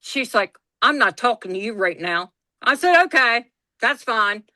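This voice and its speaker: Woman, casual storytelling, bright voice, dry close sound, acts out voices. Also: mid-range voice, unhurried, dry recording. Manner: animated, acts out quoted voices, swears freely. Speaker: guest storyteller.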